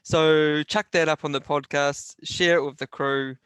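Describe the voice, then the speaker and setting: A man's voice: on the high side, unhurried, smooth, no room sound. A man co-hosting a podcast, telling stories with enthusiasm in casual chat. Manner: enthusiastic, animated storyteller. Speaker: podcast co-host. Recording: dry close recording.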